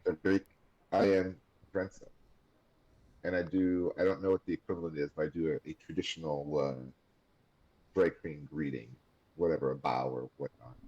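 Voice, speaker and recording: A man's voice: very deep voice, fairly even intonation, moderate pace, long pauses, dark tone, slightly rough, dry recording, dull audio. A man playing a tabletop game, speaking hesitantly with many fillers. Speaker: player. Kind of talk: casual tabletop role-play.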